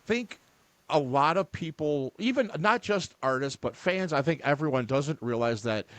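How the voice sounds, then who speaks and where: A man's voice: a little high, expressive, normal speed, fairly bright tone, no echo. A man hosting a podcast interview, talking in an earnest, rambling way with many restarts. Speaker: podcast host. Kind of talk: casual interview chat.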